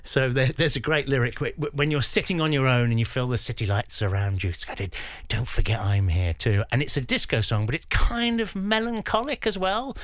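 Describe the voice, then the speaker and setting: A man's voice: mid-range voice, fairly quick, few pauses, dry recording. An English man in his fifties, a guest DJ reminiscing in a radio interview and acting out the voices he quotes. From England. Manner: animated storyteller who acts out quoted voices.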